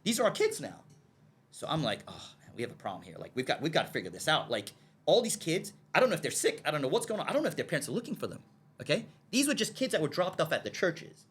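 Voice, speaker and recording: This podcast guest, a man with a somewhat high, slightly rough voice, talks fast as he tells his story. Acting out what people said in the scenes, he often checks in with "okay?", and his words tumble and repeat when he gets worked up.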